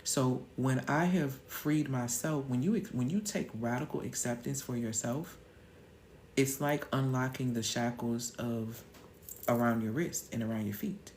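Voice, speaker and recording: A woman's voice: extremely low pitch, steady tone, a little slow, darkish tone, slight background noise. A woman in her thirties hosting a live-stream motivational talk, emphatic and slangy, firing off rhetorical questions.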